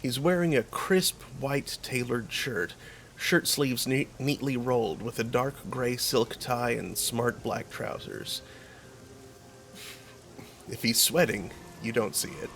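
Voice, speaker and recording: A man streaming a game, reading its story text aloud in a measured, descriptive way. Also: mid-range voice, creaky, a bit bright, a little hiss or hum.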